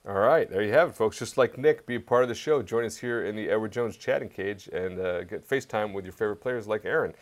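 A man hosting a live fan question show, energetic and hyping up the audience. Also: fairly low pitch, fast talker, hardly any pauses. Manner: energetic, hypes fans up. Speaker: host.

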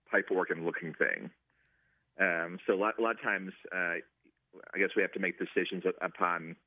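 Over a tinny phone line, a man who works as a stadium organist gives casual interview answers, often saying um and restarting. His voice sits low, and there's no echo.

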